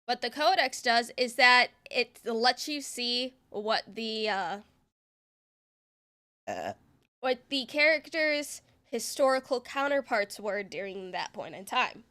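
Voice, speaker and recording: A woman's voice: a little high, very animated, slow, bright, forceful tone. A woman streamer giving exasperated, sarcastic reaction commentary and swearing freely.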